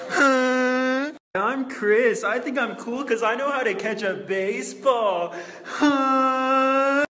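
Very high, bright teen boy roasting. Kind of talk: roast challenge introductions.

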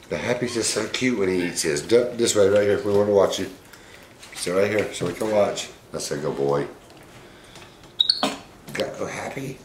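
Guy with a lowish voice cheering on his pet monkey, coaxing and encouraging, echoey room with noise in the back. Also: darkish tone. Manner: coaxing, encouraging talk to an animal. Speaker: pet owner and channel host. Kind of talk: casual chat with a pet.

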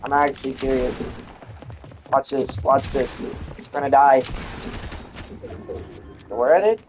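Gaming channel host, female, low register, frustrated swear-heavy play-by-play. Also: takes it slowly, darkish tone, a little hiss or hum. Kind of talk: gameplay commentary.

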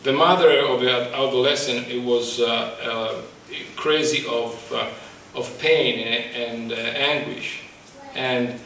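A male photographer speaking about his exhibit in a halting, passionate way, searching for words, at a microphone. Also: mid-range voice, steady tone, bright, forceful tone, slight background noise. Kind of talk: emotional public talk. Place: exhibit talk at a college, indoors. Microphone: microphone in front of him. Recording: echoey room, distant mic.

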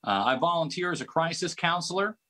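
A man finishing a casual stand-up set over a video call, rambling into a deadpan punchline. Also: fairly high pitch, a little fast, a little hiss or hum. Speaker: stand-up comedian.

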